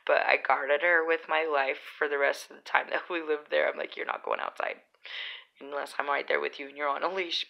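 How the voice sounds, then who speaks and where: A woman's voice: low-pitched, gravelly, sharp tone, low-quality recording. A young woman from Utah telling rambling stories in a casual vlog, full of fillers. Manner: chatty, rambling, lots of fillers. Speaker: vlogger. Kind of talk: casual storytelling.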